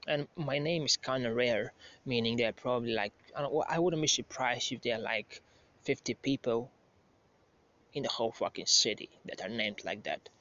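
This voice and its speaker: A man's voice: medium pitch, moderate pace, fairly bright tone. A man in his thirties telling a rambling, profane anecdote as a podcast host, often correcting himself as he goes. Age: 30s. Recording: slightly muffled lo-fi recording.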